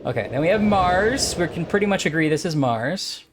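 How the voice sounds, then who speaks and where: A man's voice: fairly high pitch, animated, moderate pace, noisy background. A man chatting casually while playing a puzzle game, musing and joking as he thinks aloud. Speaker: game player.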